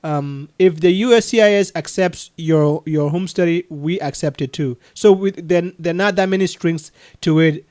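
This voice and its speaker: Male mentor with a light Cameroonian-Texan accent, pitched high, easy and chatty on a video call. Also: moderate pace, hardly any pauses, a little mellow. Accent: mix of Cameroonian and Texan English. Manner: chatty, laughs often, restarts sentences. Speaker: adoption agency mentor answering questions. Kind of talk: casual video call conversation.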